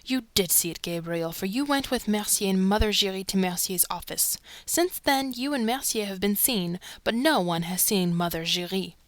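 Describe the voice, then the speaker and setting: A woman's voice: medium pitch, dry recording, natural voice. Woman reading as an agitated male theater secretary. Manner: indignant, rapid questioning.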